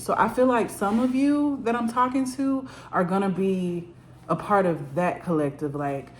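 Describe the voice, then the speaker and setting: A woman's voice: mid-range voice, moderate pace, reverberant, a little hiss or hum. A woman giving a spiritual card reading at home, talking earnestly and emotionally with lots of "like" fillers.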